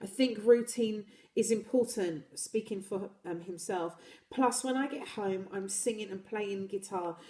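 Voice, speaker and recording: A woman's voice: mid-range voice, measured pace, mellow. Chatty woman host, echoey room. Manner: chatty, encouraging, laughs easily. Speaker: talk show host. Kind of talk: live show, reading viewer comments.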